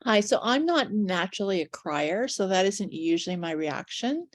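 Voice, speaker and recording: A woman's voice: mid-range voice, big pitch swings, moderate pace, no room sound. A woman participant sharing her experience frankly in a group session.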